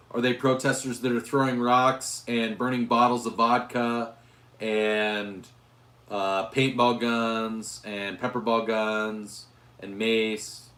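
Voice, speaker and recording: A hoarse man hosting a casual livestream about guns, rambling with restarts as he answers viewers' chat. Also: medium pitch, a bit bright, reverberant. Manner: rambling, with frequent restarts and fillers. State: hoarse, losing his voice. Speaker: gun channel host reading live chat.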